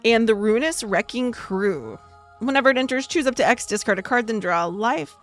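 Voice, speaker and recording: A woman with a slight cold, opening trading card packs in a bubbly vlog and reading card text aloud quickly. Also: fairly high pitch, lively intonation, faint music behind. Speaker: card-opening content creator. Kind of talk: excited pack-opening vlog.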